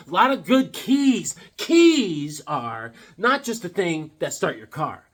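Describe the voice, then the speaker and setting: Male comic vlogger, high and lively voice, joking and rambling. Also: slow pace, few pauses. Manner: joking, rambling, animated riffing. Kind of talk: comedic casual monologue.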